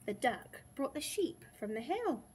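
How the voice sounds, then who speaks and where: Slow, gentle woman reading a storybook. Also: high-pitched, big pitch swings, background noise. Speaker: teacher. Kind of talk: reading a picture book aloud to young children.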